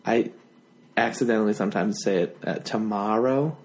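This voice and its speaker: Joking young man with lively pitch. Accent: slight New Jersey/New York tinge. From Florida. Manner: joking, rambling, quick self-corrections. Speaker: podcast host. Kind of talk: casual chat.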